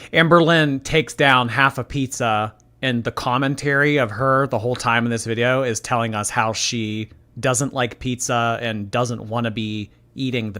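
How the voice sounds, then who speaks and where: Bright-voiced blunt male commentator. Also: mid-range voice. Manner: blunt, sarcastic, exasperated. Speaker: commentary host. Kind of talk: casual reaction commentary.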